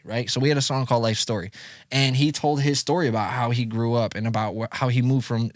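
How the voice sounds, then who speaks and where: A man's voice: fast talker, no echo, clean studio sound. A man in his thirties from Syracuse, New York, a music producer telling his story in a casual podcast interview, acting out old conversations with big jumps in his voice. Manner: animated storyteller, acts out quoted dialogue with big pitch jumps. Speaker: music producer and engineer, guest.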